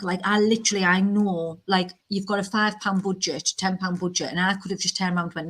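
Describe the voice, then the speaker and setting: A woman with a British accent, an insurance broker, chatting casually in a frank, animated way, her voice jumping up when she stresses a point. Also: mid-range voice, a little fast, hardly any pauses. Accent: British English. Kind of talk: casual podcast chat.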